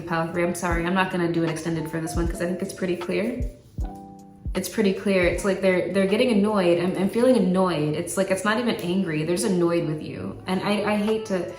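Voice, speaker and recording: A woman giving a casual tarot reading to camera, blunt and chatty, swearing freely and talking with lots of fillers. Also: lowish voice. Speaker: tarot card reader. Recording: roomy echo with faint music.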